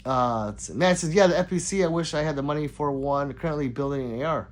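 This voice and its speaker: Speaking a little high and at a quick pace, a male livestream host reads his chat aloud in a laid-back stream, responding to viewers and laughing frequently.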